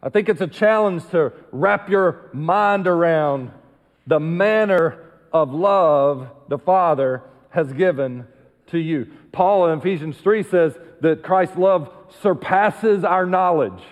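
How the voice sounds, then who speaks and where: A male pastor preaching a sermon emphatically, dropping into quiet asides. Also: a little high, takes it slowly, long reverb tail. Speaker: senior pastor. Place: church sanctuary.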